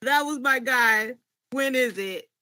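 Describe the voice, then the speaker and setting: Brief: woman voicing a boastful Southern male rapper, slow drawl. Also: sits high, pushed and bright, no echo, exaggerated voice. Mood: mocking. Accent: Southern US put-on. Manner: drawling, playful impression.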